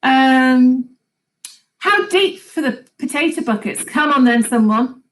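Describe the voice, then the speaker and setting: A woman's voice: high-pitched, animated, takes it slowly, soft background music, poor audio. A woman hosting a gardening live chat, chatting casually and laughing often as she reads viewer comments aloud.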